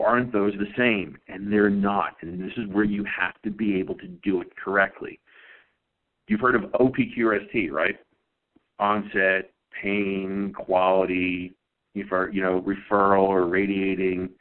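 Man, emphatic teaching podcast talk, low-pitched voice, tinny phone-like line. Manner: emphatic, teaching and repeating key points. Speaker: guest chiropractic billing consultant.

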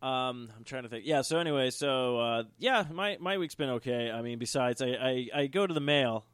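A man's voice: medium pitch, animated, moderate pace, a bit bright, smooth, no room sound. A man co-hosting a podcast, ranting angrily and swearing constantly, mimicking others in sarcastic voices. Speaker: podcast co-host. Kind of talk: profane ranting podcast chat.

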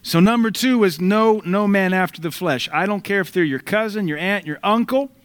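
A man's voice: high-pitched, moderate pace, clear, resonant tone. A middle-aged man preaching a sermon, emphatic and quoting scripture, now and then mimicking voices for effect.

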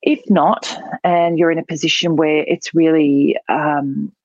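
A woman's voice: low voice, flat delivery, unhurried, darkish tone, no echo. Woman coach on a dull dry line. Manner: explanatory, demonstrating voice types. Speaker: public speaking trainer and guest. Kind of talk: podcast interview answers.

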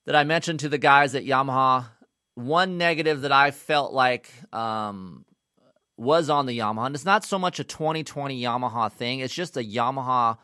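Blunt, sweary man with a bright voice. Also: mid-range voice, dry recording, clean studio sound. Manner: blunt, profane, rambling. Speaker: motocross bike tester. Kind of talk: casual bike review talk.

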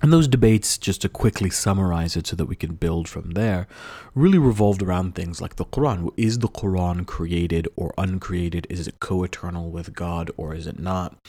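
Deep-voiced man lecturing on history. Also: dark tone. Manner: measured explanatory delivery with occasional restarts and fillers. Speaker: podcast host. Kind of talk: scripted-sounding lecture on history.

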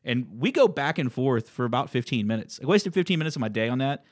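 A man's voice: medium pitch, expressive, fast, no echo, studio quality. A man telling stories from his land-buying business in a casual conversation. He acts out phone calls as he tells them. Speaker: land investor guest.

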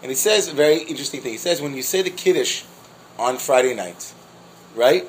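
A man teaching a class as a rabbi, telling a story in an animated, halting way with many restarts and laughs. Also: medium pitch, a little hiss or hum, low-quality recording. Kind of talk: storytelling lecture.

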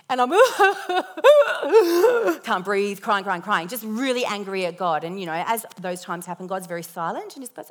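A young woman telling a lively personal testimony with self-deprecating humor as part of a sermon. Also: medium pitch, measured pace.

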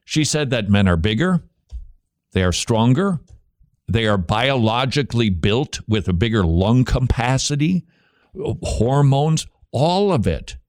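A man hosting a talk show, giving opinionated commentary in an animated, sarcastic, emphatic way. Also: mid-range voice, a little slow, dry recording, clean studio sound.

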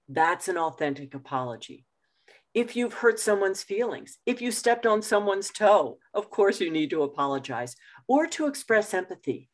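A woman, presenting an online workshop in a measured, emphatic way and laughing easily. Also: mid-range voice, sing-song. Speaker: communication trainer. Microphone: video call.

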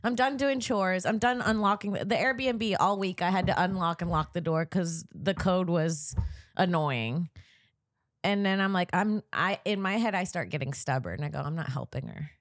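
A woman's voice: fairly low pitch, moderate pace, no room sound, clean studio sound. A woman comedian co-hosting a podcast, telling a story in a casual way, acting out quotes, swearing and laughing often.

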